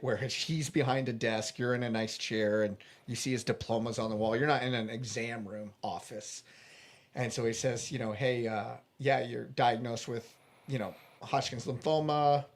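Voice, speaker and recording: A man being interviewed, earnestly retelling a personal story with animated restarts. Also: medium pitch, normal speed. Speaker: interview guest.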